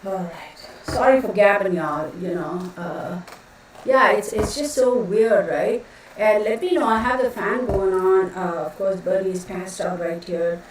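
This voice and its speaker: A woman's voice: medium pitch, a little slow. Woman hosting a tarot live stream, talkative and rambling, heard from across a very echoey room. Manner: chatty, rambling, greets viewers by name. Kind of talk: casual live-stream chat. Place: home room with a fan running. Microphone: distant mic, noticeable echo. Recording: very echoey room, voice far from mic, faint fan noise.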